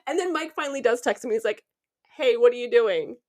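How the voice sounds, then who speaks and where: Casting: young adult woman, podcast co-host, animated storyteller who acts out quotes, voice on the higher side. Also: fairly quick. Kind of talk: casual chat.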